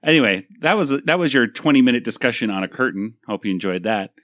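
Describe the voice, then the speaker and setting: A man's voice: medium pitch, expressive, fast talker, a bit bright, dry recording, clean studio sound. A man hosting a podcast, reviewing a cartoon episode in rambling casual chat full of fillers. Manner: rambling, many fillers, laughs easily. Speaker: podcast host.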